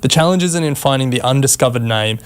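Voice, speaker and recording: A man with a smooth, clear voice co-hosts a finance podcast. He talks in a relaxed, chatty way and laughs easily. His pitch sits in a middle range. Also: fast. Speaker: podcast co-host. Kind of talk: casual chat.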